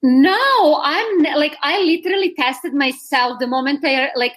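A woman's voice: high voice, lively intonation, a little slow. A woman from Serbia with a Serbian accent, a podcast guest chatting bluntly and casually, with frequent fillers. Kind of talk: casual chat.

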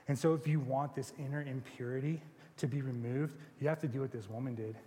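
A man's voice: mid-range voice, a little hiss or hum. Young man preaching in a reverberant hall. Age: young adult. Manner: conversational, animated retelling with acted quotes. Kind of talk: sermon.

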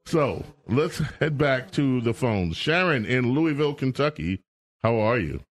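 A man's voice: mid-range voice, big pitch swings, a little slow. A man hosting a call-in radio talk show, with playful, upbeat announcer patter, on a studio microphone.

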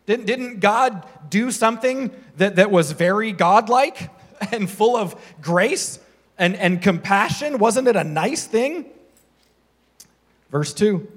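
A pastor with a notably high male voice preaches a conversational sermon. He keeps things casual and chatty while piling up rhetorical questions for the room.

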